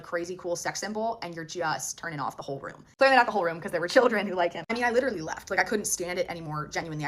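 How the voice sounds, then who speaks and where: A woman's voice: on the low side, fairly bright tone. A woman in her twenties ranting to camera about a bad concert, sarcastic and exasperated. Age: 20s. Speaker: concert reviewer. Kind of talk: casual rant to camera.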